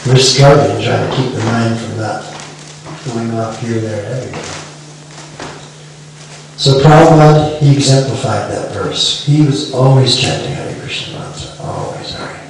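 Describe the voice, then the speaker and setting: Man, middle-aged, devotional lecture, storytelling, soft chanting, questions to listeners, faint hiss. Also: mid-range voice, normal speed. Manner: chants the mantra softly between remarks. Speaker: devotional speaker. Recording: echoey room, far from mic, faint hiss.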